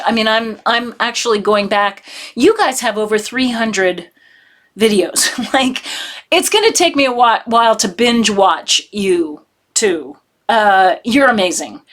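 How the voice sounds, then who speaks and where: Woman, cross-stitch vlogger, unhurried, gushing, sentimental. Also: medium pitch, a bit bright. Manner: chatty, gushing, full of fillers. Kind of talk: casual chat to camera.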